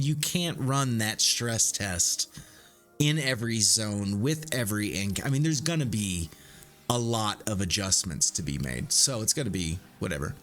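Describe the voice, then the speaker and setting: A man's voice: medium pitch, fairly bright tone. A man streaming a game live, chatting casually with viewers and swearing freely. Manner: loose, swears freely, talks to chat. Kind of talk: casual live-stream chat while gaming.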